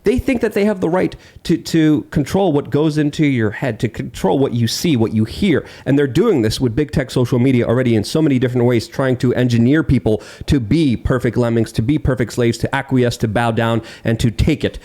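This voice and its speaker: A man's voice: mid-range voice, brisk, hardly any pauses, mellow. A man speaking as a podcast guest, talking intensely and insistently with stumbling restarts. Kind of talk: heated political talk.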